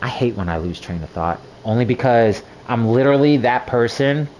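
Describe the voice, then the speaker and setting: A man's voice: medium pitch, moderate pace, slight background noise. A young man streaming a game, telling rambling, profane stories in casual chat. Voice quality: rambling, profane, animated storytelling. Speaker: gaming streamer. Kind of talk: casual chat while gaming.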